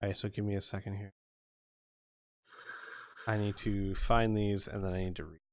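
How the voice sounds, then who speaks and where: A man's voice: lowish voice, level tone, moderate pace, no echo, studio quality. A man acting as game master, explaining dice rolls casually with fillers. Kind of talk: running a tabletop game.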